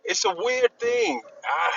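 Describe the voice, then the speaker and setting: A man in a casual group discussion, talking in a rambling, halting way with many restarts and emphatic bursts. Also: very high-pitched, wildly swooping pitch, gravelly, dull audio, noisy background. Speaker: discussion panelist.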